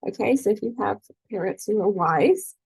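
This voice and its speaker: With an expressive, gravelly, husky voice in the mid range and a darkish tone, this middle-aged woman speaks at a moderate pace. She's an energy-healing coach giving a casual faith-based teaching talk to a group, chatty, sprinkling in "you know" and "right?" and acting out quoted voices. The audio is rough but has no echo.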